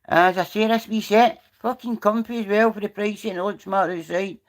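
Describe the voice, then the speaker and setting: A man's voice: sits high, steady tone, moderate pace. A Scottish man chatting casually on a livestream, rambling through a story and swearing freely, sitting outdoors. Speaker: livestream host.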